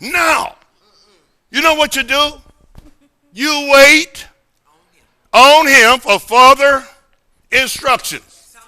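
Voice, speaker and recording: A middle-aged man pastor preaching a sermon in a church service, emphatic and repetitive, swinging between sudden shouts and quiet asides. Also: very high voice, drawn-out words, pauses often. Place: church sanctuary during a service.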